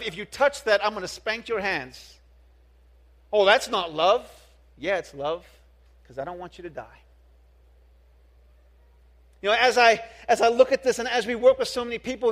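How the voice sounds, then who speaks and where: A young man preaching a sermon as a youth pastor, animated, acting out quoted voices and repeating words as he builds his point. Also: very high-pitched.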